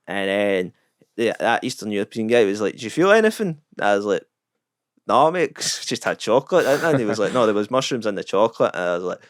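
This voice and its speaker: A Scottish man spins a long, sweary anecdote with deadpan self-mockery. His voice sits a little low and comes through smooth and clean. The sound is close and dry, with no room around it. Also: quick pace, dry recording. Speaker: comedian guest. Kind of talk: casual storytelling anecdote.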